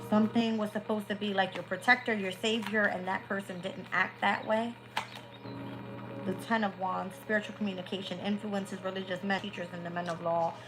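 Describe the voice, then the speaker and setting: A woman's voice: mid-range voice, level tone, moderate pace, music in the background, rough recording. A woman giving a casual live-stream tarot reading, talking bluntly and swearing freely. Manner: blunt, profane, candid. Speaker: tarot reader.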